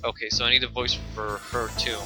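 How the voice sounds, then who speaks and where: A man streams a video game and chats casually with viewers between dialogue, relaxed and talking to chat in let's play commentary. His medium-pitched voice runs a little fast over game music, and the audio is poor.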